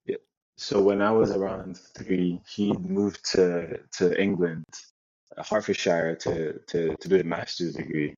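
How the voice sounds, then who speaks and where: A young man from Nigeria, a football player, telling his story in a relaxed interview chat with many restarts. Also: deep voice, unhurried, no room sound. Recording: dull lo-fi sound.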